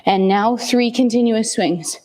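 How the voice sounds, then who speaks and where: A woman fitness instructor calmly cueing a kettlebell workout with short step-by-step commands, breathing hard between sets. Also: fairly high pitch, unhurried.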